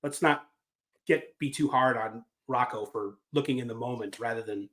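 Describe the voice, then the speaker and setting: A man's voice: medium pitch, normal speed, a bit bright. A man hosting a casual sports talk podcast, talking in a wry, rambling, self-deprecating way. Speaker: podcast host.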